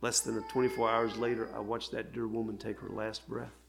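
An older man, a pastor, preaching an earnest, heartfelt sermon with pauses. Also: on the low side, monotone, gravelly.

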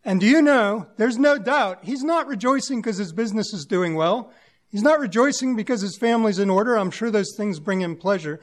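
A man's voice: high-pitched, expressive, fairly quick. A man preaching a sermon to his congregation, musing aloud in a plain-spoken way and using homely examples.

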